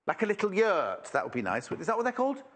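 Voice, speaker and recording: Chatty man with lively pitch. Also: fast talker, a little hiss or hum. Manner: chatty and rambling, exclaiming over fabrics. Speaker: shopping channel presenter. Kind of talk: live sales presenting. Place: TV shopping studio.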